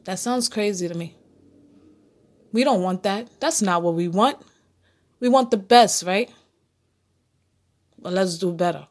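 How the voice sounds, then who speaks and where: A woman's voice: medium pitch, a little slow, long pauses, darkish tone. A woman hosting her own casual podcast, talking straight to her listeners in a blunt, preachy, profane manner. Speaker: podcast host. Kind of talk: casual solo podcast monologue.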